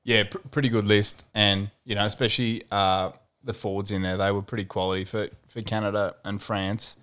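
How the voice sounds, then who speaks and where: A man co-hosting a sports podcast, giving even, casual analysis. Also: on the low side, fairly quick, clear, resonant tone. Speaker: podcast co-host.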